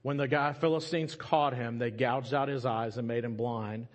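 A man's voice: mid-range voice, steady tone, normal speed. A middle-aged man, preaching a sermon as a pastor, telling a scripture story with humorous asides to the congregation.

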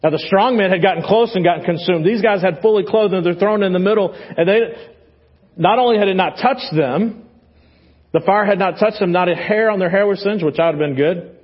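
A man with a Texan accent preaching a sermon as pastor, animated and then dropping to quiet emphasis. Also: high-pitched, fairly quick, slightly rough, highs cut off. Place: church sanctuary.

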